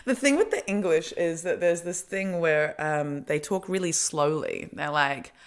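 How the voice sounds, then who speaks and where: A woman's voice: sits low, a little slow, clean tone. A woman hosting a comedy podcast, telling a story casually with many fillers and restarts. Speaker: podcast host. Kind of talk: casual chat.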